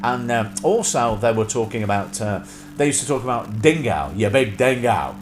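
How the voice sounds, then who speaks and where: A man's voice: mid-range voice, moderate pace, slight background noise. A man in his thirties hosting a live stream, chatting in a casual, rambling way with many fillers and restarts. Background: music.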